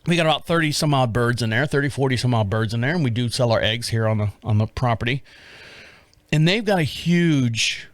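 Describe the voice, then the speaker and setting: A man in his fifties hosting his own show, telling a rambling story from his rural life with lots of swearing, acting out his own shouting in a high, loud voice. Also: fairly quick, no echo. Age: 50s. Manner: profane, animated storyteller who acts out his own yelling. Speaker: podcast host. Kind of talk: casual solo storytelling.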